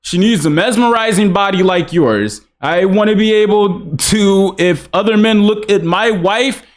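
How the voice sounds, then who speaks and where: A man's voice: high-pitched, measured pace. A man playing a boastful, crude married man in a scripted skit, talking in a dismissive way. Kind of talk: scripted drama dialogue.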